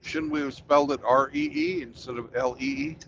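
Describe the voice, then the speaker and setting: A man co-hosting a casual chat, telling stories in a lively way and swearing freely. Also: on the high side, a little fast, gravelly. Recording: muffled lo-fi with faint background noise.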